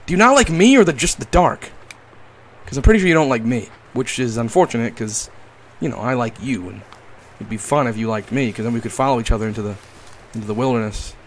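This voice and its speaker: A young man giving comedic gameplay commentary, playful and crude, swinging from mock-tender talk to yelling and swearing. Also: medium pitch, quick pace, slight background noise. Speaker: gaming YouTuber.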